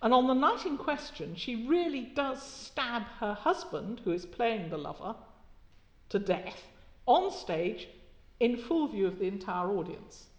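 A woman's voice: a little high, sing-song, measured pace, muffled recording. A woman giving an academic keynote lecture, with a wry, conversational delivery and occasional fillers. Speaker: keynote speaker. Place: lecture hall. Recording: echoey lecture hall.

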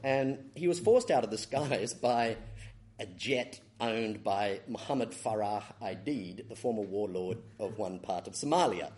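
A man's voice: lowish voice, expressive, unhurried, a little mellow. A middle-aged man giving a law lecture, with dry wit, often correcting himself and chuckling at his own stories. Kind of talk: academic lecture with anecdotes.

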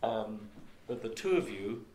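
Halting male moderator, echoey hall. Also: fairly low pitch, lively intonation, darkish tone, a little hiss or hum. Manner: hesitant, halting questions. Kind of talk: panel Q&A. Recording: echoey hall, faint ambience.

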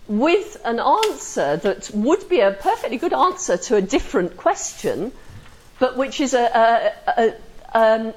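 A woman's voice: on the high side, a little mellow, low-quality recording. A woman teaches a class with a voice that rises and falls a great deal. She keeps checking whether her students follow her. She acts out example sentences with dry humor. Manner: questioning, asks the class for agreement. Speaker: lecturer. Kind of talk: classroom lecture.

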